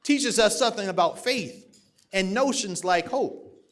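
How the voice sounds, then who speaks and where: High-voiced man giving a keynote. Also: lively intonation, a little slow, fairly bright tone. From South Carolina, USA. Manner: folksy storyteller rising to rousing, emphatic oratory. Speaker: keynote speaker at a party dinner. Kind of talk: political keynote speech with storytelling. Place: large banquet hall, at a podium.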